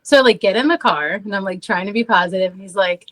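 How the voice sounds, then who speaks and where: A woman's voice: medium pitch, quick pace, few pauses, rough recording. A woman in her thirties, a podcast guest, telling a story in casual conversation, saying "like" often and laughing at herself.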